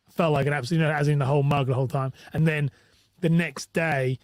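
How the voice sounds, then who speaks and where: A man's voice: fairly high pitch, steady tone, fast talker, no room sound. A man with a British accent, a mortgage broker, chatting casually and telling a rambling, candid story with restarts and the odd swear word. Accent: British English. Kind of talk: casual podcast chat.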